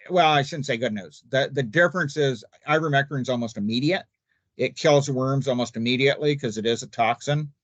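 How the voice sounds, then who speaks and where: A man's voice: medium pitch, no room sound, dull audio. An older man, a poultry expert, talking casually and folksily in a seminar, with an easygoing, jokey manner. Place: remote virtual seminar.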